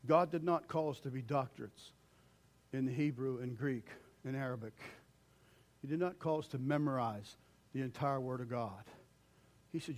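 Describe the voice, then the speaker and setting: An older man preaching a conversational sermon as pastor, acting out quoted voices and swinging between loud calls and hushed lines. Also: mid-range voice, normal speed, pauses often.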